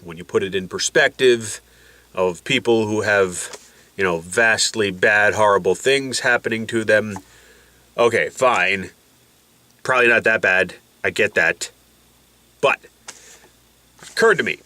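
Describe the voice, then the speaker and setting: A man's voice: fairly low pitch, bright, forceful tone, no room sound. Stuffy-nosed man rambling on medication. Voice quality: stuffy, congested voice from nasal packing. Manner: rambling, self-mocking complaining. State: medicated and a bit woozy. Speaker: vlogger. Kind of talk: casual rambling vlog to camera.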